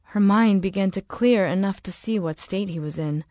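A woman reading an audiobook in slow, measured, dramatic narration. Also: medium pitch, dark tone, no echo, studio quality. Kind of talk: scripted narration.

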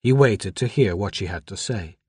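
A male audiobook narrator with a fairly low, slightly breathy voice reads a novel from a script. His storytelling is measured and even, and the studio recording is clean and dry.

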